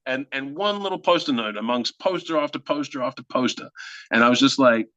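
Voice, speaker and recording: A man, a guest actor telling a long story in casual conversation, animated and full of acted-out quotes. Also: mid-range voice, fairly quick, no room sound, muffled recording. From Australia. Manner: animated, acts out quotes in funny voices.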